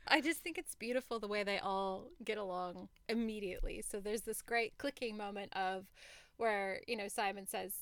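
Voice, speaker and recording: A woman co-hosting a casual book-club podcast, enthusiastic and animated, laughing easily. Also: medium pitch, normal speed, clean tone, no room sound. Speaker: podcast co-host.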